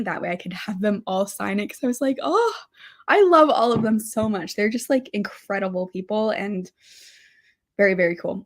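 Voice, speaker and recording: A woman's voice: mid-range voice, vocal fry. Bubbly young woman chatting on a livestream. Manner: chatty, bubbly, reads out viewer comments. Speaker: livestream host. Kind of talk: casual livestream chat.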